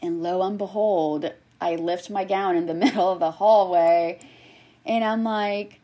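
A woman's voice: lowish voice, unhurried. A woman in her thirties talking casually about something that happened to her. She tells it with animation, jumping into quoted lines as she goes. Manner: animated storyteller, acts out quotes. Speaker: guest sharing her story. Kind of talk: casual chat.

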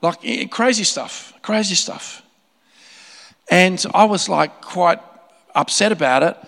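A man preaching a sermon, telling a story in an animated way with laughing asides and many restarts. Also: sits high, takes it slowly, gravelly. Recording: long hall reverb.

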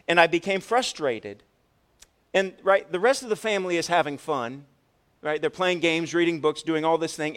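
A man preaching a sermon as pastor, telling a personal story with lively swings between loud and quiet delivery and frequent restarts. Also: on the high side. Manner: repeats words when restarting.

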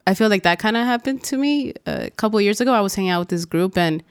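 A young woman in her twenties telling personal stories in a casual chat, in a soft, thoughtful way. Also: medium pitch, expressive, quick pace, clear, resonant tone, no echo, clean studio sound.

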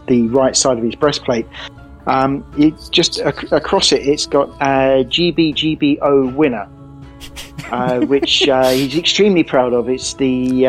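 A man playing a tabletop game, describing his character in a halting way with many pauses and fillers. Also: mid-range voice, rough recording. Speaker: player.

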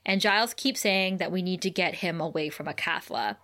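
A woman co-hosting a casual podcast, recapping a TV episode in lively, laugh-filled chat and swearing casually. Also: fairly low pitch, a little fast. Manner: animated, laughs often, acts out quotes.

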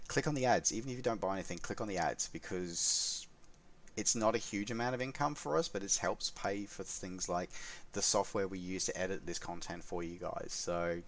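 Podcast co-host, man with a very low voice, earnest and emphatic, sits well back from the mic. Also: distant mic. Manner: earnest, emphatic appeals to listeners. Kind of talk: casual podcast chat.

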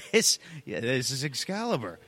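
A man playing a manic clown king wrestler who giggles, shouts and drops into hushed mutters. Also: mid-range voice, heavily acted. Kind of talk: wrestling promo interview.

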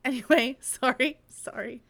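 A woman co-hosting a book podcast, recapping a chapter in animated, profane, giggly casual chat. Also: sits high, a little slow, creaky, no room sound. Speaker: podcast co-host.

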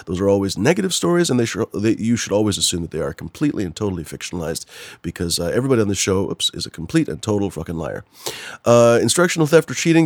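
A man with a lowish voice hosts a live-streamed talk show. He talks fast and with a lively, swinging pitch, rambling and cursing as he gets worked up. The sound is dry and close. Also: no echo. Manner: rambling, profane, fired-up disclaimers. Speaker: host.

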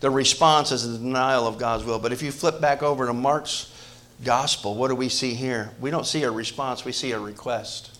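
A man preaching a sermon to his church, moving between loud emphasis and hushed asides, often repeating words and restarting phrases. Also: medium pitch, normal speed. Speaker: pastor.

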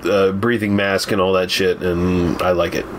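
A man's voice: low-pitched, little pitch movement, moderate pace, slight background noise. A man in casual podcast chat, laid-back and wry with some swearing.

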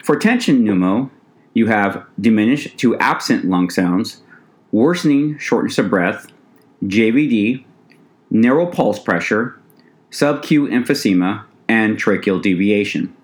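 A man with a fairly low voice gives a recorded lecture to EMT students. He talks to the class in a conversational way and often says "ladies and gentlemen." Now and then he stumbles and restarts a word. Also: lively intonation, unhurried. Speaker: EMT instructor.

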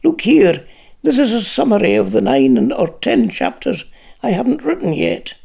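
A man's voice: very high voice, huge pitch swings, normal speed, vocal fry, darkish tone, husky, pitched above the performer's own voice, full character voice. A man reading a novel aloud and voicing a fussy, self-important, querulous male conjurer who is also an author. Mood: lecturing. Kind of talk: audiobook character reading.

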